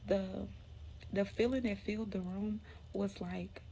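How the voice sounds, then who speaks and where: A woman's voice: mid-range voice, fairly even intonation, normal speed, creaky, a little hiss or hum. A young woman from Alabama, casually telling a true spooky story straight to her viewers. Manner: chatty, addresses viewers as y'all, drops to a hushed tone for spooky parts. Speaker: storyteller, channel host.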